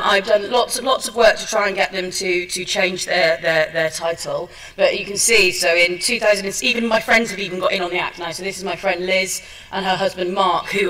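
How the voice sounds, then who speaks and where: A woman's voice: fairly low pitch, sharp tone, recorded from a distance, rough recording. A woman giving a chatty, self-deprecating seminar talk, with many ums and restarts. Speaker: seminar speaker. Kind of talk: chatty presentation. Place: seminar room at a trade show.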